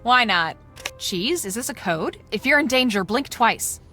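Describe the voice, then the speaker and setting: A no-nonsense woman boss on a ranch for a video game. She gives orders briskly and makes dry jokes, her voice bright and a little high. Game music plays softly behind her. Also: animated. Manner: brisk and dryly sarcastic.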